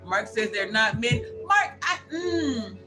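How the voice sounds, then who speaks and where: Hosting a casual livestream, a woman with a fairly high voice and big pitch swings slowly reads viewer comments and replies bluntly, cursing and tossing in jokes. Music plays behind her on a rough recording.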